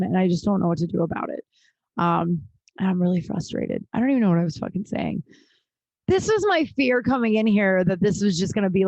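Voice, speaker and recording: A woman's voice: fairly low pitch, darkish tone, no room sound, highs cut off. A woman hosting her own podcast, chatting candidly and rambling with frequent restarts, sounding tired and overwhelmed. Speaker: podcast host. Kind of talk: casual solo podcast chat. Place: small closet at home.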